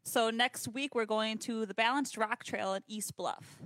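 Cheerful female co-host, higher pitch. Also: measured pace, fairly bright tone, no echo. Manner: cheerful, upbeat. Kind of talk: casual chat.

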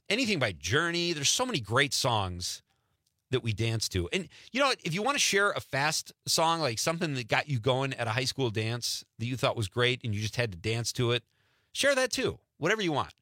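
A man's voice: medium pitch, sing-song, normal speed, pushed and bright, dry recording. A man in his fifties from Wisconsin hosting a casual radio talk show, chatty and laughing often into a studio mic.

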